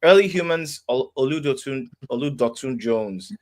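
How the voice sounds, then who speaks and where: A man's voice: medium pitch, expressive, normal speed. Man co-hosting a podcast, casual debate talk, stammers and restarts. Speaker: podcast co-host.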